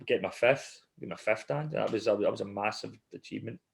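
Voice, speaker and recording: A middle-aged man hosting a podcast, telling stories in a lively, animated way and laughing often. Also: fairly low pitch, brisk, gravelly. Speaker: podcast host. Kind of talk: casual chat.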